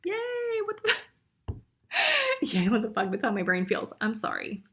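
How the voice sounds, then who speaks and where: A woman's voice: mid-range voice, sing-song, unhurried, fairly bright tone. A woman doing a live group psychic reading, blunt and chatty, swearing and laughing often. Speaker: psychic reader.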